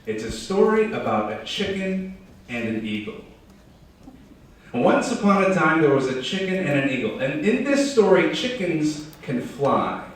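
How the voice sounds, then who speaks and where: A man giving a lively, folksy storytelling keynote to a crowd at a business start-up event. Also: fairly high pitch, measured pace, a little hiss or hum. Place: large hall. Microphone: distant from the mic. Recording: echoey hall from far off.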